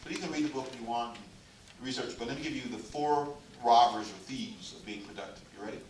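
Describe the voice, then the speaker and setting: Exhorting preacher in an echoey church. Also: male voice, mid-range voice, quick pace, a little hiss or hum. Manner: exhorting, humorous, call-and-response. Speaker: pastor. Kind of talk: sermon. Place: church sanctuary. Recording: echoey church hall, mic far off.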